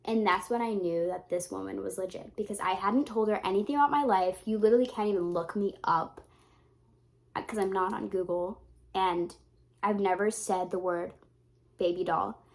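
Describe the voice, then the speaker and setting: A woman's voice: mid-range voice, moderate pace. A young woman talks casually to her vlog audience. She rambles from one thought to the next and swears freely. Her voice carries emotion, as if tears are never far away. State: tearful at times. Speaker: vlogger.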